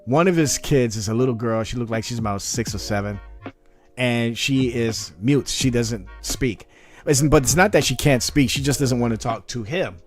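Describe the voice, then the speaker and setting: A man's voice: mid-range voice, moderate pace, soft background music. A man hosting a casual podcast, rambling with many repeated words and laughing often. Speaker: podcast host. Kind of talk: casual chat.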